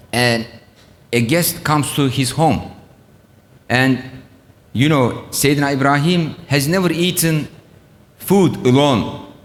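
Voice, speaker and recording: A middle-aged man giving an ethics lecture, speaking in a halting way with frequent pauses and soft chuckles. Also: mid-range voice. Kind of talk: Islamic ethics lecture retelling a story. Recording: long reverb of a lecture hall.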